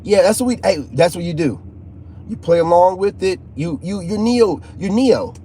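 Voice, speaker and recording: A man talking to his viewers in a casual, rambling monologue, restless and animated, often repeating himself. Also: high voice, normal speed, a little hiss or hum. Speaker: YouTuber.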